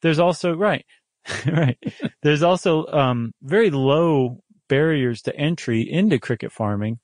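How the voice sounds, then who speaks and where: A man co-hosting a podcast in casual, playful chat, joking and animated. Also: a little high, a little slow, no echo, clean studio sound. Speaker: podcast co-host.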